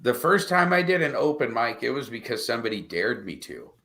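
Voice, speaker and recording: Comedian dude on a podcast, deadpan sarcastic, kinda bright forceful voice. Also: male voice, mid-range voice, a little fast. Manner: wry, deadpan storytelling with sarcastic jokes. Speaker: stand-up comedian guest. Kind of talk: casual podcast chat.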